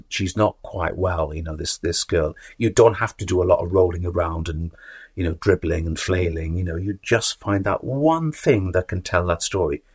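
A man's voice: deep voice, a little mellow, slightly rough, no room sound, studio quality. A middle-aged man speaking in a conversational interview, thoughtful and rambling, with frequent restarts. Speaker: guest, actor and author.

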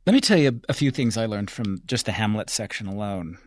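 A man hosting an interview, asking measured questions and laughing easily. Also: on the low side, expressive, no room sound. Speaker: interviewer and host. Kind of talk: radio-style interview.

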